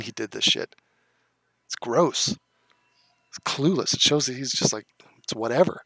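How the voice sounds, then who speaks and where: A male streamer talks through clips in a sarcastic, mocking way and swears freely. His voice sits at an ordinary middle pitch. The sound is dry and close, with almost no room. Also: brisk, fairly bright tone, no room sound. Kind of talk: casual live-stream commentary.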